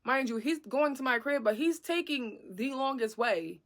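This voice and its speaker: A woman vlogger telling a storytime about a bad date, blunt, slangy and profane, with animated retelling. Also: sits high, normal speed. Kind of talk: storytime narration.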